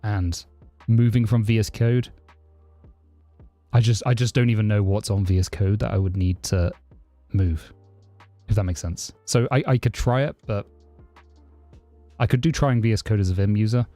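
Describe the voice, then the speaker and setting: At a moderate pace, with frequent pauses and a steady, fairly low voice, a southeast London programmer chats on his stream, answering the chat and thanking subscribers warmly. His accent is southern English, near received pronunciation yet less posh. The recording is dry, with soft background music.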